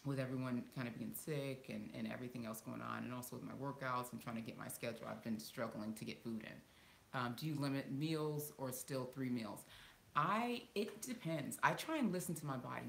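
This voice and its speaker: A woman's voice: a bass voice, creaky, fairly bright tone. A woman in her thirties chatting casually with viewers from home, talking loosely with lots of ums and laughs. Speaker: vlogger answering viewer questions. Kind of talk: casual live Q&A chat. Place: home room. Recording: echoey room with faint hiss.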